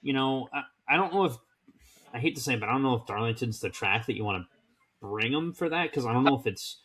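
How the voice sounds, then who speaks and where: A man in his twenties co-hosting a podcast, chatting in a relaxed way with joking asides. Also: medium pitch, fast talker, breathy edge. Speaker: podcast co-host. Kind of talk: casual chat.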